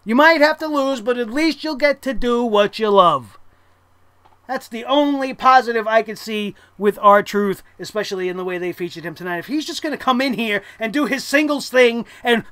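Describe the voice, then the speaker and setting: A wrestling show reviewer ranting in a casual, sarcastic way, blunt and swearing freely, with loud exasperated outbursts and laughter at their own jokes. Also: high voice, lively intonation, normal speed, no echo.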